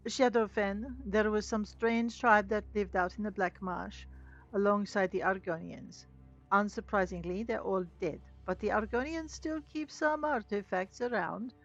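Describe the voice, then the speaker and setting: In an unhurried, mid-range voice, a woman gives laid-back let's play commentary, making fun of herself and bantering with the game's characters. Game music accompanies the dull, lo-fi recording.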